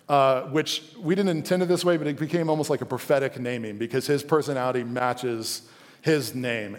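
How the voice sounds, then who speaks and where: A man's voice: fairly high pitch, darkish tone. A male pastor preaching a live sermon, telling stories in a chatty way and acting out the people in them. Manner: conversational storytelling with acted-out asides. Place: church gathering hall. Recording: long hall reverb.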